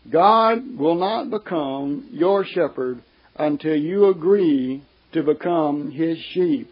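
Male preacher, higher-pitched voice, slow emphatic sermon delivery, dull lo-fi sound. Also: expressive, slightly rough. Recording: dull, lo-fi recording.

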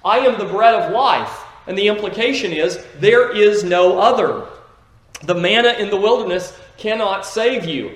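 A pastor reading scripture and preaching an emphatic sermon, occasionally correcting himself. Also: male voice, high-pitched, moderate pace, echoey room, rough recording. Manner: emphatic preaching with slips and restarts.

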